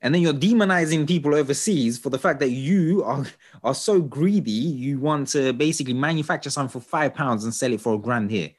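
A man co-hosts a casual podcast with an exasperated, ranting delivery. His pitch leaps up sharply as he presses his points. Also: animated, a little fast, slightly rough. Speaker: podcast co-host.

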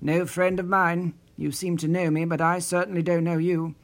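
A prim, guarded older office clerk, as a man acts him out, speaking formally with a fairly high voice. He answers with wary, slightly affronted politeness. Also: flat delivery, moderate pace, natural voice. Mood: indignant. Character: wary older male retired office worker.

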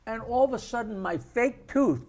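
An older man, a comedian co-hosting a podcast, telling animated, jokey stories in casual chat. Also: extremely high pitch, moderate pace. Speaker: co-host comedian. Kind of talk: casual storytelling.

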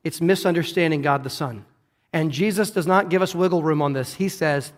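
A man's voice: fairly high pitch, normal speed, big-room sound. A man preaching a sermon, earnest and often repeating or correcting himself as he goes. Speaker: pastor.

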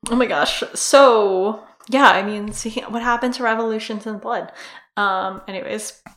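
A woman's voice: on the high side, a little slow, fairly bright tone. Woman co-host, chatty with lots of fillers and laughter, roomy echo on the voice. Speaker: podcast co-host. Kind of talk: casual chat.

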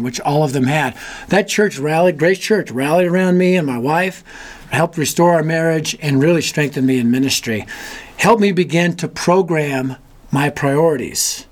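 High-voiced animated male preacher. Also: normal speed. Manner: animated, self-mocking storyteller. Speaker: youth ministry leader and host. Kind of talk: storytelling sermon.

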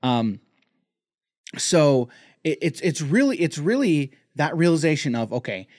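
A man's voice: fairly high pitch, very animated, unhurried, a little mellow, dry recording, clean studio sound. A man co-hosting a casual podcast, talking in loose rambling sentences full of restarts and fillers. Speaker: podcast co-host.

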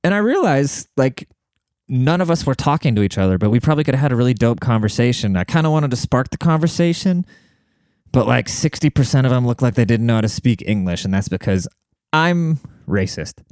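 A young man rambling through a casual solo podcast, crude and sarcastic. His voice comes through smooth and clear on a close mic. The room sound is dry, with no echo. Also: medium pitch, animated, fairly quick, a little mellow. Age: young adult. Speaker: podcast host. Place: home room with a cat.

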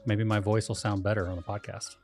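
A man's voice: lowish voice, flat delivery, a little fast, a little mellow, faint music behind. A middle-aged man co-hosting a podcast, chatting easily and laughing often, a week out of sinus surgery. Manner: easygoing, laughs often, rambling. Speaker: podcast co-host. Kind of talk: casual chat.

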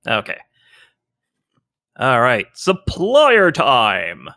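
A man narrating a tabletop game as game master, halting and full of filler words. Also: medium pitch, wildly swooping pitch, sharp tone, dry recording, clean studio sound.

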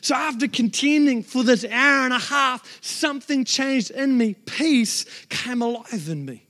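A man, a pastor telling a personal story in an earnest sermon that rises to shouts. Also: very high voice, animated, unhurried. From New Zealand. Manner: earnest, passionate, rising to shouts.

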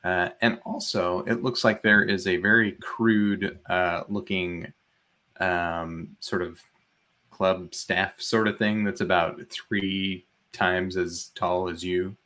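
A man running a tabletop role-playing game as game master, describing scenes in a relaxed way. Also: low voice, takes it slowly.

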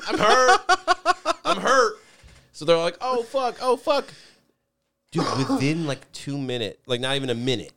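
A man telling rowdy stories in casual chat, swearing a lot, laughing and squealing out other people's lines. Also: fairly bright tone. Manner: profane, laughing storyteller; acts out voices with high squeals.

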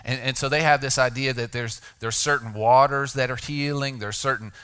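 A middle-aged man preaches a sermon in an easy, conversational way. His voice is bright and forward, and it drops quiet and deliberate when he lands a key point. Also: mid-range voice, steady tone, clear, resonant tone. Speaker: pastor.

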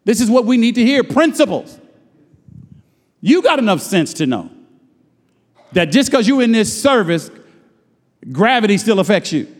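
A pastor preaching a sermon, swinging from loud shouted lines to low murmurs and drawing out his phrases. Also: sing-song, moderate pace, long pauses. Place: church sanctuary. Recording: long hall reverb.

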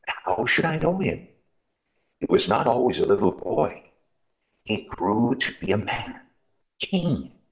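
Man voicing a fretful old shopkeeper, raised and quavering, gravelly edge, storybook reading. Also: fairly low pitch, pitched above the performer's own voice, heavily acted, rough recording. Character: kindly old male shoemaker, fretful and hopeful.

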